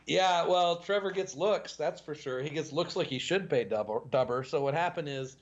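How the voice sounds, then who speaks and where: A man talking as a podcast guest, in a casual, animated storytelling way. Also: moderate pace, dull audio. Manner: animated storytelling with pitch jumps and laughs.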